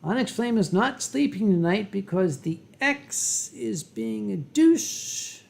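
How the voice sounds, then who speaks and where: A man in his fifties hosting a casual live stream while drinking wine and answering chat. He talks in a slow, rambling, profane way, with dramatic pauses and theatrical swings between loud outbursts and quiet asides. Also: high voice, lively intonation, gravelly. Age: 50s.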